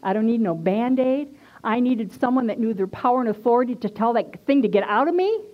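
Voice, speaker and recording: A woman's voice: a little high, animated, fairly quick. Earnest woman minister giving testimony. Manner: earnest and conversational, emphatic repetition. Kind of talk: personal testimony sermon. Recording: dull lo-fi recording.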